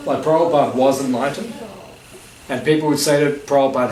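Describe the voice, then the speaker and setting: With a steady, medium-pitched voice and a slightly quick pace, a spiritual teacher addresses a live audience from far off the mic. Crowd noise and faint background sound fill the echoey festival gathering room, and his talk is informal, joking and full of fillers.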